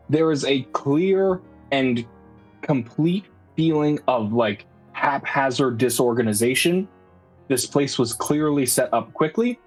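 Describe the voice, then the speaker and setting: Male game master, mid-pitched, describing scenes loosely over faint music. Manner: casual, full of "like" and restarts. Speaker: dungeon master. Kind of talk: narrating a tabletop game.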